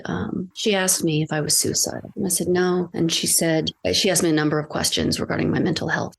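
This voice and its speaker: A woman guest on a podcast, an acting coach, telling a personal story in an earnest, halting way with restarts. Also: sits low, creaky, husky. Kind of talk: candid personal storytelling in conversation.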